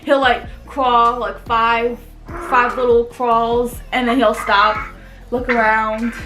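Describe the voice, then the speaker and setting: A woman's voice: a little high, little pitch movement, slow pace, fairly bright tone, reverberant, faint music behind. A young woman, a mother, chatting casually to camera, with fillers of "like" throughout. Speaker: mother and family vlogger.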